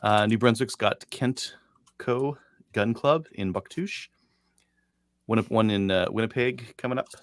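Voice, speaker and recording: A man's voice: fairly low pitch, a little slow, pauses often. A man hosting a casual talk show, reading out news items loosely with many fillers. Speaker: podcast host. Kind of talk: casual chat. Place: studio.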